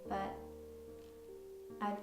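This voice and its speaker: An actress playing an earnest young pregnant woman, speaking softly, recorded from a distance in an echoey space with guitar music. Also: drawn-out words. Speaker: film character.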